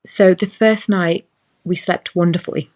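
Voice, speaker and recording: A woman's voice: fairly low pitch, steady tone, a little slow, darkish tone. A young woman in casual chat as a podcast guest, telling a personal story and acting out the voices of the people in it. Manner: chatty storytelling, acts out quoted voices.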